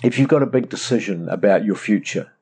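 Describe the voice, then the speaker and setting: A middle-aged man preaching a conversational sermon, animated and rambling as he acts out prayers. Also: on the low side, a little fast, husky. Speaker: pastor.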